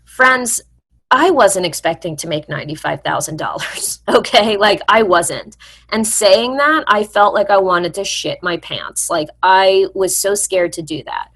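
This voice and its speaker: A woman hosts a personal finance video, talking frankly and casually to her viewers as if they were friends. She speaks unhurriedly in a mid-range, fairly bright voice, using "like" constantly and swearing bluntly but mildly.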